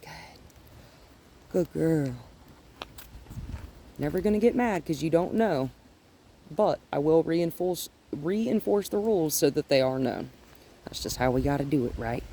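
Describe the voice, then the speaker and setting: A woman training a dog, explaining her method in a gentle, coaching way while coaxing the dog along. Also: sits low, expressive, unhurried, pauses often, a little hiss or hum, low-quality recording. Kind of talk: casual training narration. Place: outdoors with a dog.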